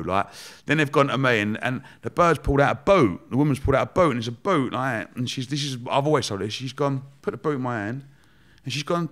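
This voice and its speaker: A man's voice: mid-range voice, fast. Laughing man telling stories. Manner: lively, laughing, swearing, rambling anecdotes. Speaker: podcast guest. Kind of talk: casual storytelling interview.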